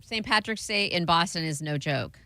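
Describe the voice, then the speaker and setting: A woman's voice: lowish voice, expressive, bright, forceful tone, no echo. A female radio co-host in casual chat, reacting and asking questions. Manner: chatty, reacts with quick laughs and questions. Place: radio studio. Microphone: studio mic.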